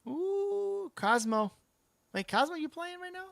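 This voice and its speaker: A woman's voice: medium pitch, measured pace, dry recording. Chatty woman streaming a game. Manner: chatty, reacts aloud to the match. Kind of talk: casual livestream commentary.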